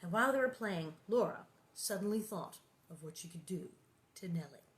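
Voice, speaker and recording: A woman's voice: fairly low pitch, lively intonation, normal speed. A woman hosting a read-aloud of a children's book, narrating and breaking off for chatty, amused asides.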